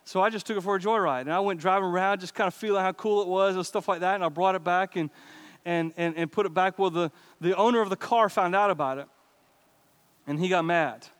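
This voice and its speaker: High-voiced pastor preaching in a hall. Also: male voice, a little fast, fairly bright tone. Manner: casual, conversational preaching with asides and laughs. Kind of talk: sermon. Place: church sanctuary. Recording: reverberant hall.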